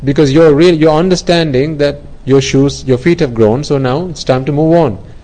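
A man's voice: a little high, moderate pace, warm tone, poor audio. A man giving an earnest Buddhist dharma talk, explaining ideas through everyday examples and often repeating himself. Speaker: Buddhist teacher.

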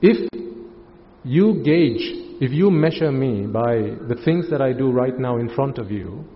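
A man, a Buddhist monk, giving a calm sermon full of rhetorical questions. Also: medium pitch, measured pace. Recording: muffled, with long hall reverb.

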